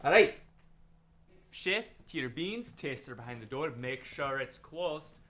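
A man's voice: medium pitch, lively intonation, measured pace, a bit bright. A man playing a pompous, bossy film director in a comedy sketch, theatrical and demanding.

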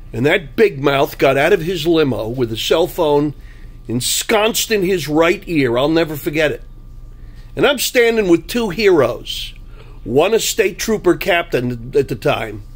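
A man delivering a blunt, combative political monologue, full of anecdotes. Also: on the high side. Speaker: political commentary host.

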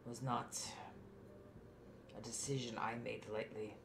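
A gruff, commanding old nobleman and father, put on by a man running the game. He barks short orders with a stern edge. Faint noise sits behind him. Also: medium pitch, level tone, measured pace, roomy sound. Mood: solemn. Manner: commanding, curt.

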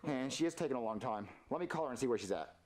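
An actor playing an exasperated dad who argues and pleads. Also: male voice, medium pitch, lively intonation, rapid-fire, close to an everyday voice. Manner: frustrated, explaining, pleading. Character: exasperated adult dad puppet.

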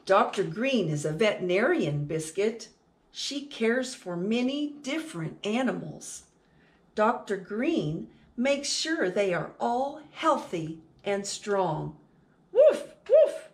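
A woman hosting a children's storytime, reading a picture book aloud in an animated sing-song way and talking directly to young listeners. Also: mid-range voice, takes it slowly.

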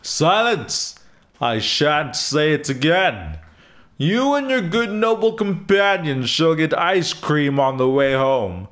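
A man voicing a pompous male god in a video game playthrough, making slow, grandiose, archaic proclamations in a raised voice. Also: a little high, expressive, fairly bright tone.

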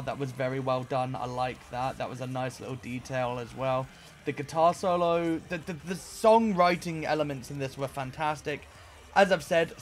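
A man giving an excitable, sweary, rambling casual reaction to music as host. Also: fairly high pitch.

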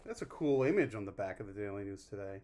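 A man's voice: lowish voice, lively intonation, fast talker, mellow. Rambling, wry male vlog host. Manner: wry, rambling, self-deprecating, with mock groans. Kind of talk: casual rambling monologue.

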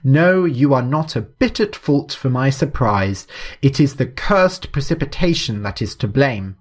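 A man voicing a cheery, fussy gentleman on holiday who talks in a chatty, formal, over-polite way in a read-aloud story. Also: medium pitch, expressive, unhurried.

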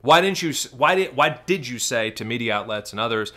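A man giving commentary on a clip, asking sarcastic rapid-fire questions. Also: mid-range voice, lively intonation, fairly bright tone.

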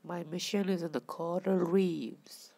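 Low gravelly woman doing game commentary. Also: fairly even intonation, measured pace, mellow. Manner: chatty, talks to viewers and to the fish on screen. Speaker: gameplay commentator. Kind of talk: casual gameplay commentary.

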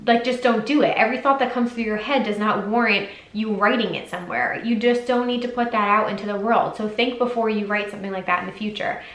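A woman's voice: on the high side, fairly even intonation, fast, hardly any pauses, fairly bright tone. Woman podcast host ranting casual, says like a lot, swears, roomy echo on the mic. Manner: casual, heavy swearing, lots of "like". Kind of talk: candid solo podcast talk. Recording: echoey room.

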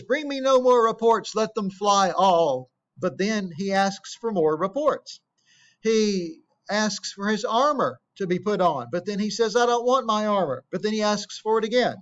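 A man teaching a play, explaining scenes plainly, asking rhetorical questions and reading quotations aloud. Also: sits high. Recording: dull lo-fi recording.

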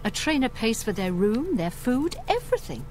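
A woman's voice: a little high, very animated, normal speed. A woman voicing a chatty, disapproving innkeeper in a video game who confides gossip about a guest. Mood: gossipy. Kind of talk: game character dialogue. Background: game music.

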